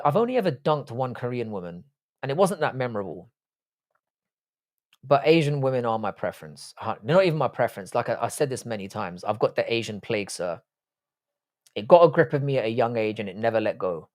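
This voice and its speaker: A man's voice: mid-range voice, a little mellow. A young British man from England hosting a livestream, reading out viewer comments in casual, blunt, sweary banter. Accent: British English. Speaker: livestream host.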